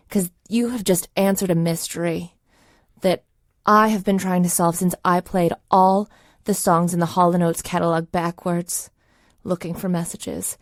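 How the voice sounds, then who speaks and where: Woman, lowish voice, dry sound, theatrical comedic co-host. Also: level tone, measured pace, no echo. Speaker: podcast co-host. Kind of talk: comedic banter.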